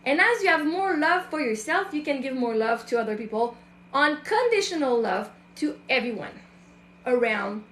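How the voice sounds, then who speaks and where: Woman coach ranting to her followers, high pitched, echoey room. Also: animated, normal speed, a bit bright. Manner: emphatic, acts out other people's voices. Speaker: self-love and mindset coach. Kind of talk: casual monologue to an online audience.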